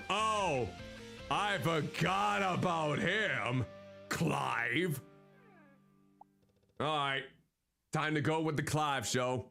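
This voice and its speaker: A man's voice: on the high side, drawn-out words, creaky, pauses often, sharp tone, soft background music. A male streamer making dry, muttered comments while reading a story game.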